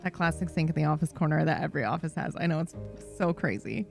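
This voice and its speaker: Woman, livestream chat, low voice, gravelly fry, rambling, profane, faint music behind. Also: animated, fast talker, a little mellow. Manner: rambling, profane, self-deprecating. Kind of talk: casual chat.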